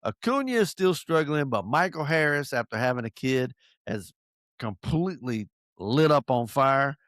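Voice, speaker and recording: Southern male host, mid-pitched, lively storyteller, dry close-miked sound. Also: normal speed, dry recording. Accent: Southern American. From North Georgia, USA. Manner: animated storyteller, acts out quotes, chuckles. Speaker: podcast host. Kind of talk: casual podcast chat.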